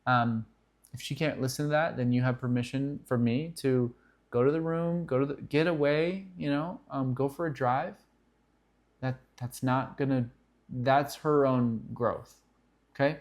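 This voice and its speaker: A man's voice: mid-range voice, moderate pace, darkish tone. A middle-aged man who counsels, giving earnest advice straight to camera and acting out example lines with many restarts. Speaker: counselor and video host. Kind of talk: direct-to-camera advice talk.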